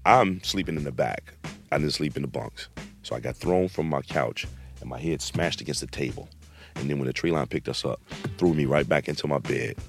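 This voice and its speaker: Very deep-voiced man telling a story. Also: fairly quick, creaky, soft background music. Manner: animated, slangy, acts out quotes. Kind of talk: casual storytelling.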